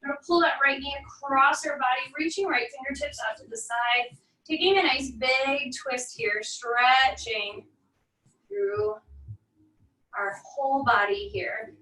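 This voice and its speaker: A woman fitness instructor calmly guiding a stretching cool-down, with encouraging cues and wry little asides. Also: high voice, a little slow, distant mic. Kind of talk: guided barre cool-down instruction. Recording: echoey room, voice from off-mic.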